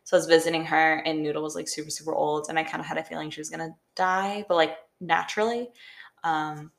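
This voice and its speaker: Young woman podcast cohost, low voice with gravelly fry, rambles on with like like like. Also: steady tone, quick pace. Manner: rambling storytelling, heavy use of "like". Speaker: podcast co-host. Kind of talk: casual chat.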